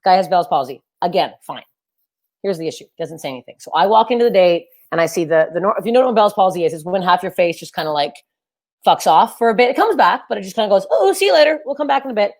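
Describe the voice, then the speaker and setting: A young woman with a low, deep voice, performing a loud, energetic, self-deprecating stand-up set over a webcam. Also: fast. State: sweaty and overheated. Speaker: stand-up comedian. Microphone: webcam for a virtual show.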